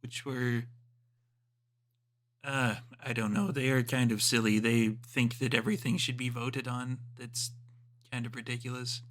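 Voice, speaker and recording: A man's voice: mid-range voice, flat delivery, measured pace, fairly bright tone. A man running a tabletop role-playing game, talking offhand with many fillers. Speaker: game master. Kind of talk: narrating and voicing a tabletop game.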